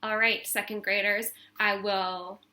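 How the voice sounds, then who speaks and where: A woman teacher giving a recorded phonics lesson to young children, patient and sounding out letter sounds slowly and deliberately. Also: medium pitch, little pitch movement, sharp tone. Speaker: elementary school teacher.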